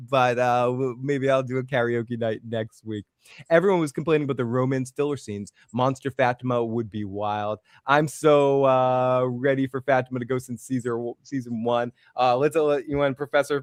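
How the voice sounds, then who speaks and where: A man's voice: mid-range voice, dry recording, studio quality. A man hosting a call-in livestream after-show, chatting casually and mocking himself. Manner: chatty, self-mocking, frequent restarts. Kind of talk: casual chat with live chat readouts.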